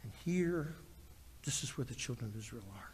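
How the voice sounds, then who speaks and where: A man preaching a sermon, animated, swinging between loud declarations and hushed asides. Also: medium pitch, moderate pace, long reverb tail, a little hiss or hum. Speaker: pastor.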